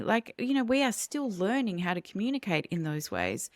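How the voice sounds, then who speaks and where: A woman's voice: mid-range voice, very animated, moderate pace, hardly any pauses, dry recording, clean studio sound. A woman who is a parenting educator, explaining earnestly in a podcast interview and bringing in vivid everyday examples.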